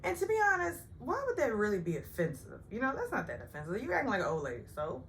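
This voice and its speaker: A woman recapping a reality TV episode in a chatty, sarcastic way, putting on high voices when she quotes the cast. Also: wildly swooping pitch, fast, a bit bright, a little hiss or hum. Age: older. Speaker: recap host. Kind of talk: casual TV recap vlog.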